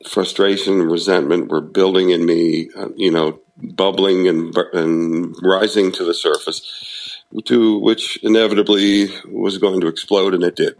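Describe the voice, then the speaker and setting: Sharing his recovery story as a guest, a middle-aged man speaks frankly and pokes fun at himself, occasionally laughing. His voice sits low with a level tone, measured pace, and vocal fry, on poor audio.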